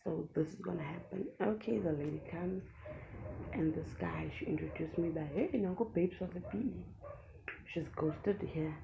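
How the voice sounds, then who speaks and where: A young South African woman vlogger telling a dramatic story in a lively, animated way, in a dull lo-fi recording. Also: on the low side, normal speed, gravelly, noisy background. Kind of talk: storytime vlog.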